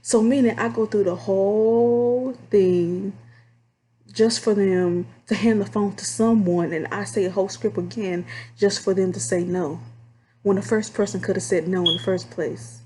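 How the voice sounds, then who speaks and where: A young woman from Texas with a Texan accent, candidly telling stories about her call center job in a casual, animated, drawling way. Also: medium pitch, a little slow, a little hiss or hum. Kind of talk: casual storytime vlog.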